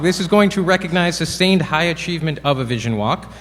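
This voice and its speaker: A man presenting awards at a ceremony, cracking playful deadpan jokes. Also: on the high side, brisk, few pauses. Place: event hall. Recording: reverberant hall, faint room noise.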